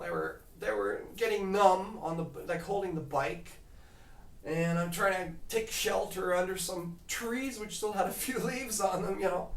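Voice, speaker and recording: A man's voice: high voice, gravelly, a bit bright. A man telling a casual travel story at home, rambling with lots of fillers. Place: home kitchen. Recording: roomy kitchen, mic at a distance.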